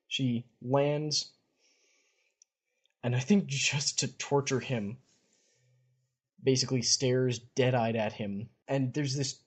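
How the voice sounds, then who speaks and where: A man's voice: medium pitch, breathy edge. A man casually retelling a fantasy story on a podcast, chatty and wry. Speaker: podcast co-host.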